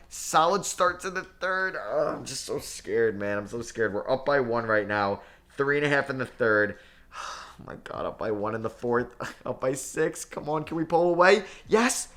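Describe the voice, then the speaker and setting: A young man casually commenting on his basketball video game season, swinging between nervous groans and excited cheers. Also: mid-range voice. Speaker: gaming channel host.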